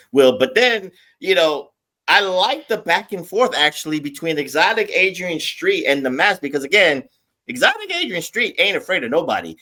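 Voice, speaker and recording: Bright, emphatic male podcast host. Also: a little high. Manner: lively, emphatic, quizzing his co-host. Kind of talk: casual chat.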